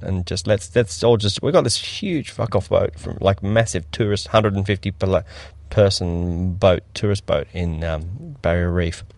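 A man with a fairly low voice, recorded dry and close to the mic. He talks casually about shoots, rambling and swearing a little, and bursts into lively acted-out quotes. Relaxed podcast chat between friends. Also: no echo. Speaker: podcast co-host, cinematographer.

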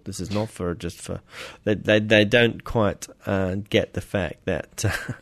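Australian male podcast co-host, very low voice, dry close sound, rambling chatty delivery. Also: fairly even intonation, measured pace, a bit bright, dry recording. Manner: rambling, hesitant, lots of fillers and restarts; self-deprecating. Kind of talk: casual chat.

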